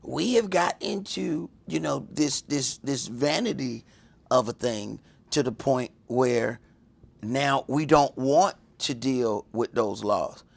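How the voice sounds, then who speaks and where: A man teaching a religious class in a lively preaching style, telling stories and acting out voices, swinging from loud to hushed. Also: mid-range voice, slow, gravelly. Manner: animated, storytelling, acts out voices, swings from loud to whispered.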